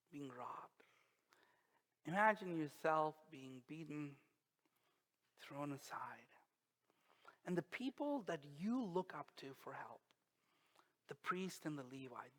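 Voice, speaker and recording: A male pastor preaching a sermon, slow and emphatic, with dramatic pauses and quiet drops. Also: fairly high pitch. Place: church sanctuary. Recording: long reverb of a church hall.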